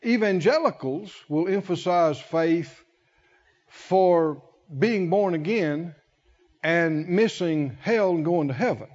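Male preacher, high-pitched, slow and emphatic, pausing on repeated words. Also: animated, a little mellow, dull audio. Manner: emphatic, repeats key words with long pauses. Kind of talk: sermon.

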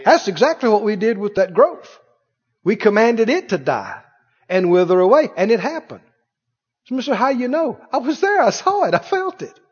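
High-voiced, lively preacher in a hall. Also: male voice, moderate pace, slightly rough. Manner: emphatic preacher, swings from loud to hushed. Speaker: pastor. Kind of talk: sermon. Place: church sanctuary. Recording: dull echoing church hall.

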